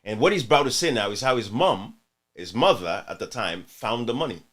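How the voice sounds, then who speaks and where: A male channel host gives earnest commentary on an interview clip. His mid-range voice swings up and down in animated pitch, and he talks straight to his viewers and repeats words for emphasis. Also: brisk.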